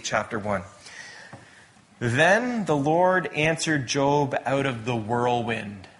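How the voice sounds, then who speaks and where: A man's voice: medium pitch, bright, forceful tone, a little hiss or hum. A man preaching a casual, conversational sermon, mixing in chatty asides.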